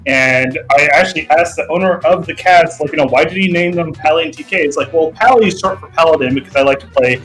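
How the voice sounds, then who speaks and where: A man's voice: on the high side, fast talker, few pauses, a bit bright, faint music behind, rough recording. A man in a casual livestream chat who tells a story hesitantly, with many fillers.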